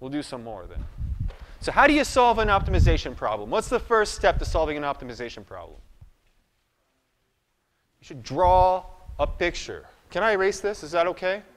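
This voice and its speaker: Chatty math lecturer in a reverberant hall. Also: male voice, a little high, big pitch swings, moderate pace, pauses often. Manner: chatty, self-deprecating, thinks aloud at the board. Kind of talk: live classroom lecture.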